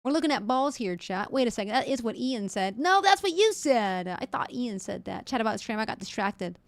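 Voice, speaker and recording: A woman's voice: mid-range voice, brisk, no echo, clean studio sound. A young woman streaming, chatting casually and jokily while reacting to news clips and talking to her chat. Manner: chatty, jokey, laughs often, talks to chat.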